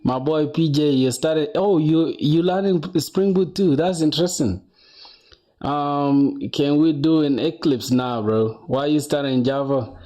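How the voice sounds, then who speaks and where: Chatty young man with a mellow voice. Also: fairly high pitch, unhurried. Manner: chatty, rambling, says bro a lot, reads chat aloud. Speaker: coding livestreamer. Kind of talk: casual livestream chat.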